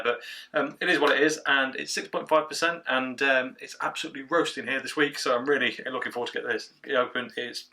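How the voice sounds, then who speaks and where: A man giving a casual beer review from home, chatty and relaxed, with plenty of filler sounds. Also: medium pitch. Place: at home, indoors.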